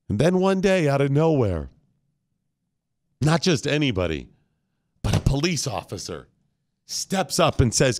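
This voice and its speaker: A man hosting a talk show, ranting with mock solemnity and breaking into loud indignant outbursts. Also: mid-range voice, big pitch swings, unhurried, long pauses. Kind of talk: comic rant on a talk show.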